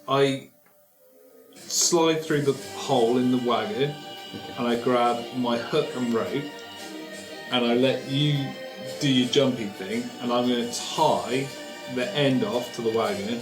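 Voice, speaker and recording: A man's voice: medium pitch, slow, echoey room, music in the background, poor audio. A man playing a tabletop game, eagerly declaring his character's actions. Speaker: player.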